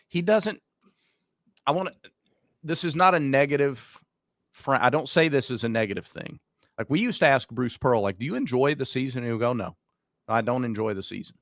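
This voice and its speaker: A man with a raspy voice co-hosting a casual sports talk show, venting about his team. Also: medium pitch, no room sound, studio quality. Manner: apologetic, venting. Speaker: co-host.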